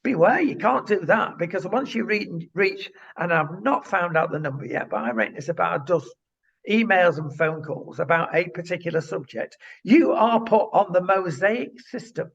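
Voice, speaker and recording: High, gravelly, indignant man on a talk show. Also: expressive, moderate pace, a bit bright. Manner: indignant, addresses the viewer directly. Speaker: co-host. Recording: dull lo-fi sound.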